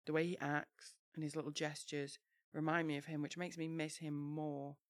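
Animated woman, dry close sound. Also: sits low, moderate pace, dry recording. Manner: animated, laughs easily, reads aloud in bursts. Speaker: podcast co-host reading her teenage diary. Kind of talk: casual chat.

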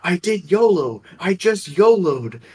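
Proud older coworker, eager, childlike, bright and raised, as a man puts him on. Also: sits high, a little slow, voice pushed up. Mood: excited. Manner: eager, excited.

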